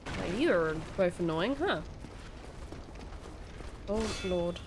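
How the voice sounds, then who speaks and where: Slow-talking woman gaming. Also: fairly low pitch, expressive, background noise. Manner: chatty, reacts aloud and talks to the enemies. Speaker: gaming video creator. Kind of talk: let's play commentary.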